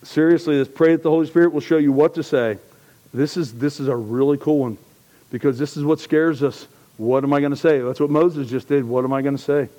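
A man preaching a sermon as pastor, conversational and joking, swinging between loud emphasis and hushed asides. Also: on the high side, fairly even intonation, a little fast, poor audio.

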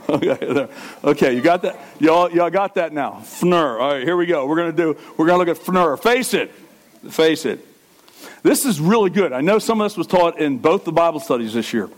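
A pastor preaching to a congregation in a conversational way, asking questions and joking. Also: male voice, medium pitch. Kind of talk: sermon.

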